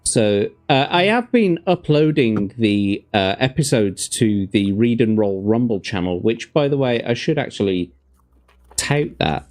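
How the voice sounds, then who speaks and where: A man's voice: on the low side, expressive, unhurried, darkish tone. A man, hosting a livestream as game master, chatting with viewers and reading gamebook passages aloud. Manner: chatty, laughs easily, talks to his chat.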